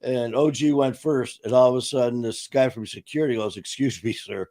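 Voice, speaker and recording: Middle-aged male host with mid-range pitch; relaxed, profane storyteller who laughs as he talks. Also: brisk. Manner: animated, profane, laughs through his stories. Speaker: podcast host. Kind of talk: casual storytelling chat.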